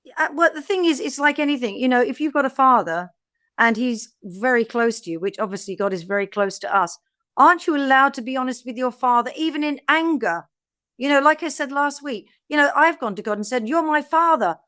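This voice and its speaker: A woman's voice: sits high, fairly quick, dry recording, studio quality. A woman co-hosting a casual Bible study podcast, laughing often and reading passages aloud. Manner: warm-hearted, laughs often, reads scripture aloud. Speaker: podcast co-host.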